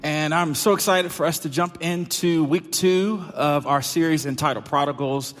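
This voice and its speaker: A middle-aged pastor, preaching a sermon in a loose, conversational way with lots of fillers. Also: male voice, a little high, steady tone, moderate pace, fairly bright tone, faint music behind. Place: church sanctuary. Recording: hall reverb.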